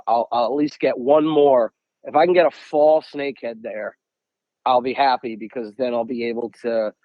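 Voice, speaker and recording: A young man from the United States tells stories in an easy, animated way, often slipping into the voices of the people he quotes. His voice sits at an average pitch. The recording is dry and a little muffled. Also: dry recording. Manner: animated, acts out quotes, many repeated "I'm like". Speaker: podcast guest, angler. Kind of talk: casual storytelling.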